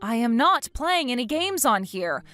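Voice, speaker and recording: A woman's voice: fairly high pitch, sing-song, normal speed, soft background music. A woman voicing an exasperated, fed-up young wife. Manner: exasperated, angry, sharp retorts. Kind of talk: text-story dramatization.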